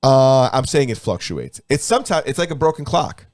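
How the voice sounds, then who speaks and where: A man's voice: mid-range voice, big pitch swings, normal speed, no room sound. A man with a mid-range voice talks easily and often laughs, pushing his point in a loose, swearing way. His voice sits close and dry on the mic. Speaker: podcast co-host. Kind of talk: casual chat.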